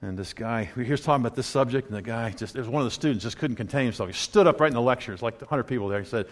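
A man's voice: medium pitch, racing. Conversational preacher man, hall reverb. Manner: conversational, wry, animated asides. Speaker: pastor. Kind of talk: sermon.

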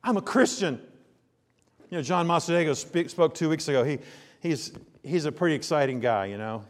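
A man preaching a sermon, telling homely stories with emphatic, drawn-out phrases. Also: on the high side, lively intonation. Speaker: pastor. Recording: long reverb of a large hall.

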